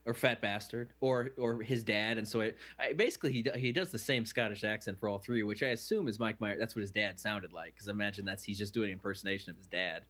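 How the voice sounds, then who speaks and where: A man's voice: on the low side, fast, few pauses, a bit bright, husky. A man co-hosting a casual podcast chat, rambling and often restarting his sentences. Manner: rambling, self-correcting, chatty. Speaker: podcast co-host.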